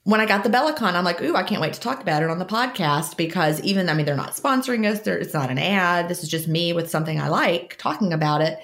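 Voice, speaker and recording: A woman's voice: on the low side, expressive, fast, few pauses, fairly bright tone. A woman co-hosting a podcast, talking in earnest, reassuring casual chat. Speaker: podcast co-host.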